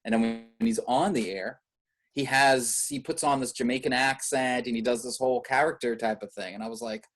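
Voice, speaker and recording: A man's voice: mid-range voice, steady tone, fairly quick, fairly bright tone, soft background music. A man being interviewed about his film, chatting casually and rambling with many restarts and fillers. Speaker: filmmaker guest.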